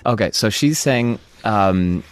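A man co-hosting a podcast in casual chat, quick and self-interrupting as he translates on the fly. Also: fairly low pitch, expressive, clear, resonant tone, no echo, studio quality. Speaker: podcast co-host.

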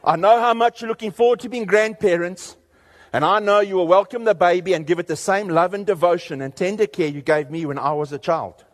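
A man reading aloud a letter from a sheepish young woman student to her parents, with deadpan comic timing. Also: high-pitched, a little fast.

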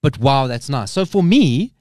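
A man in his forties telling a story in a casual podcast chat, animated and emphatic, often repeating himself for weight. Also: mid-range voice, unhurried, no echo, clean studio sound. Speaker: podcast guest.

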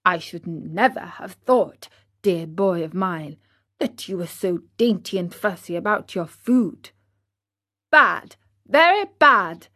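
A woman voicing a kind, patient poor old man who gently lectures a child in a storybook. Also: fairly low pitch, slow, exaggerated voice. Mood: gentle. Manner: gentle, calm, admonishing.

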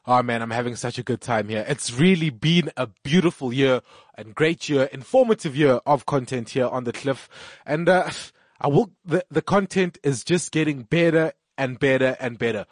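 A man's voice: mid-range voice, moderate pace, no echo, studio quality. A male radio show host doing a rambling, joking promo. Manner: rambling, joking, laughs at himself. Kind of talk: promo talk.

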